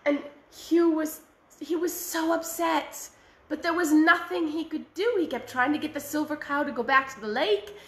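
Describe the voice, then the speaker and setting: A woman storyteller telling a folk tale aloud, expressive, recorded in an echoey room. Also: sits high, normal speed. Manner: expressive, shifting voices for characters.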